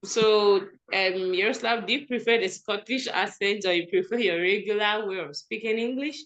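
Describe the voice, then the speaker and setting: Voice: mid-range voice, moderate pace, fairly bright tone. Teacher guiding an English class. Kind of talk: online language class.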